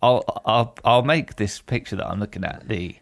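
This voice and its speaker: A man's voice: on the low side, moderate pace, dry recording. A man hosting a podcast in casual chat, with dry, self-deprecating humor. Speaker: podcast host.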